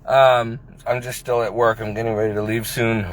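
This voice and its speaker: A man's voice: mid-range voice, little pitch movement, moderate pace. A man in his forties talking in a casual personal vlog, rambling and hesitant with many restarts, recorded on a phone. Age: 40s. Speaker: vlogger. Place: at his workplace.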